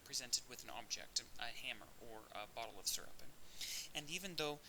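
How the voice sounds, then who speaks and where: A man's voice: mid-range voice, animated, fairly quick, bright, forceful tone, rough recording. A man recording an audio lecture, explaining step by step with occasional restarts. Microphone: audio-only recording. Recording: faint hiss.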